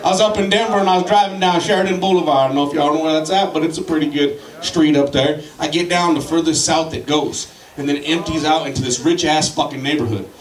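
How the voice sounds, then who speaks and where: A man from Colorado performs a rowdy, profane stand-up set at a comedy club, shouting at the live audience. He talks fast with a fairly high pitch and a steady tone, captured from a distance in the echoey club.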